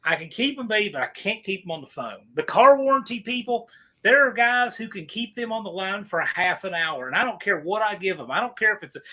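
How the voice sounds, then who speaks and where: A man's voice: sits high, sharp tone, husky. A man casually telling joking stories about prank-calling scammers on a live chat show. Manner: joking storyteller.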